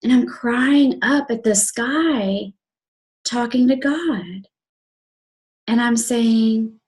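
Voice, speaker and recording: A woman's voice: on the high side, slow pace, darkish tone. A young adult woman telling an emotional personal story in an earnest, confiding way, with many fillers and restarts.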